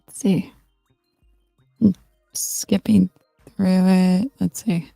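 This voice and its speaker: A woman's voice: fairly low pitch, fairly even intonation, drawn-out words, gravelly, mellow, no echo, studio quality, faint music behind. A woman streamer giving casual live reaction commentary, swearing offhandedly while she scrubs through a video.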